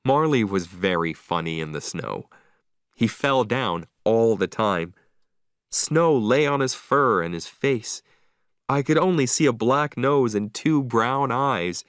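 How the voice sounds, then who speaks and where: A man narrating a simple story slowly and clearly for English learners, with an expressive reading. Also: mid-range voice, no echo, clean studio sound.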